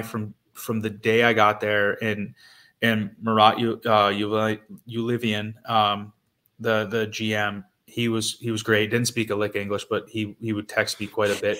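Low, flat-voiced man telling a story. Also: moderate pace. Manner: rambling with many fillers and restarts. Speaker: guest, former pro hockey player. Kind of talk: casual storytelling interview.

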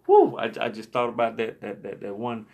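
A man's voice: on the low side, wildly swooping pitch, normal speed, gravelly, a little mellow. A man preacher telling a story in a sermon, emphatic and often repeating his words.

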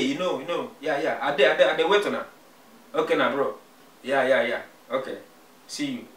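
A man's voice: on the high side, a bit bright, natural voice. A man with a Nigerian accent playing a defiant, party-loving young son who talks back to his father. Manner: cheeky, defiant back-talk. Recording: echoey room, mic far off, faint music.

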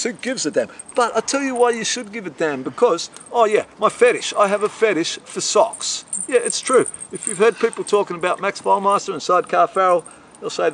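A man's voice: a little high, a bit bright, slight background noise. Brash profane man. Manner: boisterous, swaggering and profane. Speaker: interviewee. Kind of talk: rambling casual interview talk.

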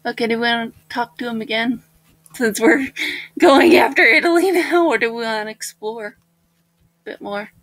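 A woman's voice: a little high, normal speed. A young woman chatting casually while hosting a dating-game playthrough, leading the way. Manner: chatty, bossy about the game, bursts into excited squeals. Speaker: let's play host.

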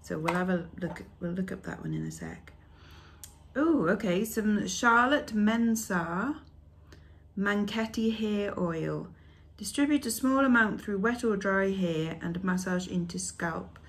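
A woman's voice: medium pitch, very animated, a little slow. A woman chatting casually as she unboxes beauty products, reading labels aloud with fillers along the way. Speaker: beauty vlogger.

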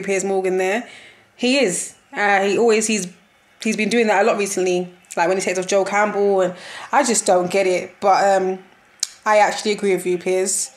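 Young woman ranting casually about football. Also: mid-range voice. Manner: animated, laughing, slangy and exasperated. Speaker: football vlogger reacting to a match. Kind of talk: casual match reaction chat.

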